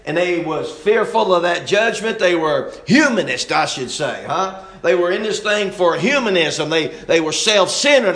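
A man's voice: high voice, a bit bright, roomy sound. A man preaching a Baptist sermon in a folksy, emphatic way.

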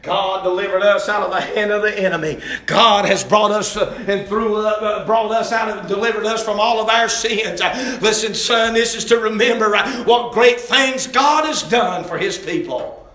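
A man preaching a folksy, impassioned sermon, swinging from loud exhortation to hushed intensity. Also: high-pitched, moderate pace. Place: church sanctuary. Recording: very echoey church hall.

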